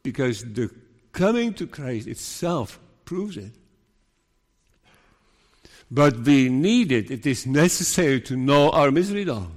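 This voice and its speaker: A man preaching a sermon in a slow, earnest way, sometimes voicing the worries of troubled believers. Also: medium pitch, very animated. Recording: long reverb of a hall.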